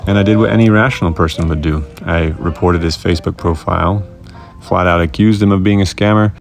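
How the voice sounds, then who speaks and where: Low-voiced wry male vlog host. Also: fairly even intonation, brisk, vocal fry, faint music behind. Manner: wry, self-mocking humor. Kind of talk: casual scripted vlog narration.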